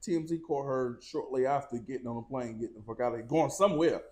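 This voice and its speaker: A man's voice: mid-range voice, quick pace, a little mellow. A man co-hosting a gossip talk show, blunt and casual, swearing freely. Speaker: co-host. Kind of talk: casual celebrity gossip chat.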